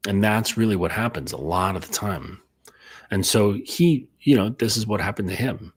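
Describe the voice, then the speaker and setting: Low husky-voiced man, blunt coaching talk. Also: normal speed. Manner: blunt, conversational, many fillers. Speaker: dating coach. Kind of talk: casual monologue.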